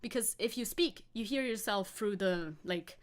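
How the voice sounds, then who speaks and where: A woman's voice: medium pitch, moderate pace. A woman chatting on a live stream, rambling and scatterbrained, laughing often between thoughts. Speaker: VTuber streamer. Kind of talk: casual live-stream chat.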